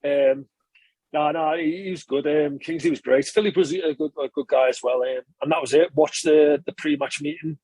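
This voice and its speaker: A man, a former rugby player, recalls his career in a relaxed interview, rambling and correcting himself as he goes. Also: a little high, moderate pace, breathy edge, dry recording. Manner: chatty, rambling recollection, frequent filler and self-correction. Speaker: former professional rugby player, podcast guest.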